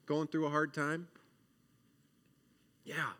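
A man's voice: fairly high pitch, monotone, slow pace, bright, forceful tone. Earnest man preaching to children. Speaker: children's minister. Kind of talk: children's sermon.

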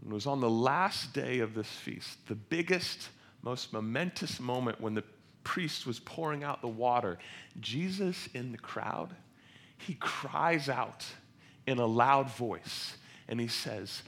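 Male pastor, bright voice, unhurried delivery, passionate sermon that swells and softens. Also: medium pitch, animated. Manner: passionate, swells loud on scripture quotes then drops soft.

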